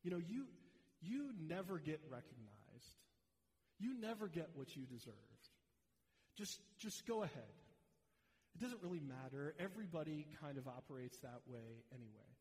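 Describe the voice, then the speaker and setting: A man's voice: fairly high pitch, very animated, normal speed, darkish tone. Sly inner tempter played by a man: casual, dismissive coaxing, upper register, long hall reverb.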